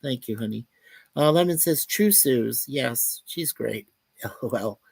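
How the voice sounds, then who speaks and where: A man's voice: medium pitch, animated, unhurried, vocal fry, darkish tone, slightly rough, no room sound. A man hosting a casual livestream, chatting upbeat and reading out viewers' chat messages. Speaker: livestream host.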